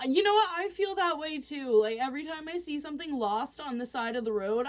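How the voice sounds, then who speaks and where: A chatty, excitable woman casually reacting to posts on her vlog, quick to laugh. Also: medium pitch. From Canada. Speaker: reaction channel host.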